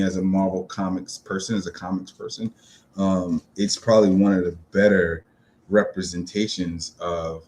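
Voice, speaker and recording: A man with a fairly low voice gives a casual spoken film review. He rambles loosely and upbeat, filling gaps with ums and uhs as he works through his notes. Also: a little mellow, a little hiss or hum. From New York City. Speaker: movie reviewer.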